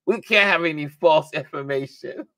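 A man's voice: fairly high pitch, pushed and bright, dry recording. Chatty male livestream host, dry sound. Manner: rambling, thinks aloud, laughs often. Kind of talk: casual livestream chat.

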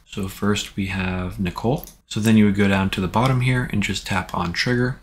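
A man hosting a tech tutorial, giving relaxed, plain step-by-step instructions in a casual way. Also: lowish voice, moderate pace, a little hiss or hum.

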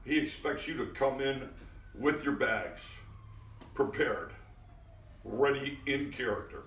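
Animated man telling stories, echoey room. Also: mid-range voice, takes it slowly, slight background noise. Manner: animated, acts out the people he quotes; frequent restarts and swearing. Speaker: guest actor. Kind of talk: storytelling at a live interview. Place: live event in front of an audience. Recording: echoey room, mic at a distance.

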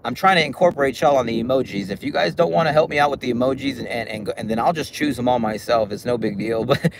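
A man's voice: medium pitch, fast, a crowd in the background. A man hosting a casual livestream, reading chat comments aloud with loose, profane talk and lots of laughs. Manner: fillers and restarts, laughs often. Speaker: livestream host.

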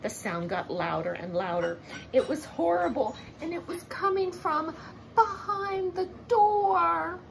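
A woman reading a picture book aloud to children, expressive and asking her listeners questions. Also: very high voice, slow pace, vocal fry, slight background noise. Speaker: storybook reader.

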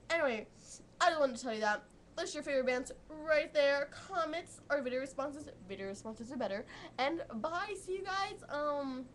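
A woman's voice: high voice, slight background noise. A teenage girl making a webcam vlog at home at night, gushing giddily and repeating herself. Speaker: vlogger. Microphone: built-in webcam mic.

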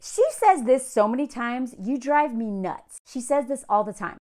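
A woman's voice: a little high, normal speed, mellow. A woman from the American South giving casual reaction commentary on a dating show, chatty and sarcastic. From Southern United States. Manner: chatty, sarcastic, mocks others in put-on quotes.

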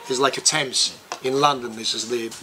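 A man's voice: medium pitch, normal speed, noisy background. A man in his forties with a Russian accent, talking loosely and animatedly as a boxing promoter being interviewed. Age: 40s. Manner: animated, laughs often, loud voice. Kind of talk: casual interview.

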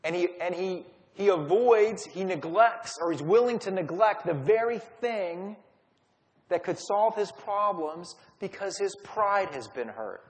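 A man's voice: sits high, animated, measured pace. Storytelling man teaching in a hall. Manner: storytelling, acts out quotes. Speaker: Bible study teacher. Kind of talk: conversational Bible teaching. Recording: long hall reverb.

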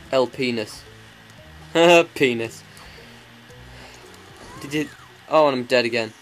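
A man giving crude, sarcastic commentary while playing a video game. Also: medium pitch. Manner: crude, sweary, sarcastic ranting. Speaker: let's play commentator.

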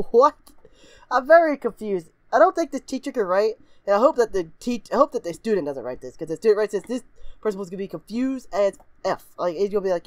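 A woman hosting a reaction video, reading aloud haltingly, giggling and breaking into shrieking laughter and goofy voices. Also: mid-range voice, animated, no echo. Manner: frequently puts on goofy voices of kids. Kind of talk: casual reaction commentary.

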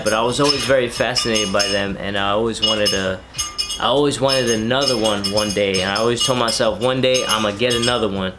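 A man's voice: medium pitch, heavy background noise. Laid-back man telling a story. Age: 30s. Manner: rambling, filler-heavy, laid-back slang. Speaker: reptile keeper and vlogger. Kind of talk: casual storytelling.

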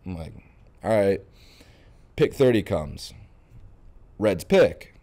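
Young guy from florida, deep mellow voice, chatty storyteller doing everyone's lines. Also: slow. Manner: animated storyteller, acts out quoted lines. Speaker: podcast guest, baseball catcher. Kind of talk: casual storytelling interview.

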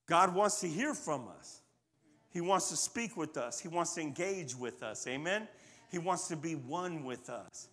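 A man's voice: on the high side, animated, unhurried, a bit bright. A man giving a conversational sermon in a casual, folksy style, with call-and-response asides, then closing with a prayer. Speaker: lay preacher.

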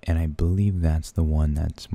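A man rambling in soft-spoken ASMR, half-whispering and hesitating as he searches for words. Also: a bass voice, fairly even intonation, normal speed, creaky, no room sound. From United States. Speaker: ASMR channel host.

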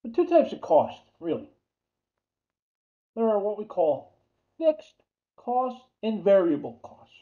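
A man's voice: high-pitched, sing-song, takes it slowly, long pauses. A man with a New York accent giving a chatty accounting lecture, repeating key terms and putting questions to the class. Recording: dull lo-fi lecture audio.

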